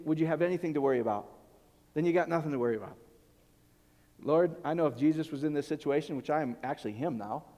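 A man preaching a sermon in an animated way, swinging from loud outbursts to soft, hushed asides. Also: a little high. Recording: long hall reverb.

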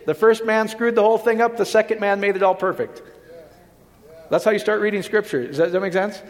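A man's voice: high voice, fairly even intonation, a little fast. A man preaching a sermon in a conversational way, often checking in with his listeners. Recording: long hall reverb.

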